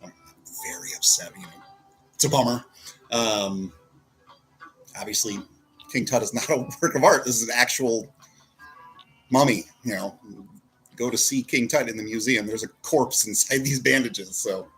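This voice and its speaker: A man's voice: mid-range voice, moderate pace, pauses often, fairly bright tone, faint music behind, poor audio. A man reviewing toy figures in a rambling, casual way, often breaking off to talk to himself as he poses them. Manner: rambling, self-interrupting, talks to himself while posing figures. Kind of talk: casual chat.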